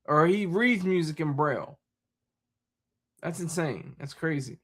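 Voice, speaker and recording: A man's voice: a little high, animated, unhurried, fairly bright tone. A man streaming live, rambling in casual chat and often laughing while he answers his audience.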